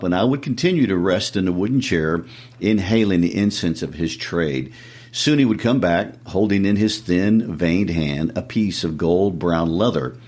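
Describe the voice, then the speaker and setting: A man with a deep voice co-hosts a literature podcast. He chats in a relaxed, casual way and reads passages of a story aloud. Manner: relaxed and conversational. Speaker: podcast co-host. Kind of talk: casual discussion and reading narration aloud.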